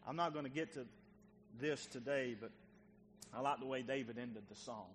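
A man's voice: mid-range voice, moderate pace, long pauses. Male pastor, folksy sermon delivery, talks straight to the pews; long hall reverb. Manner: folksy, talks directly to the congregation. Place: church sanctuary. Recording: long church reverb, faint noise.

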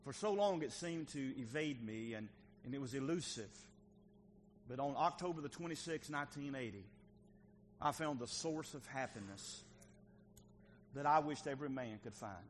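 A man's voice: medium pitch, animated, normal speed, pauses often, slight background noise. A male pastor preaching a sermon in a church, earnest and repeating phrases for emphasis, with bursts of emphatic delivery. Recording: hall reverb with faint ambience.

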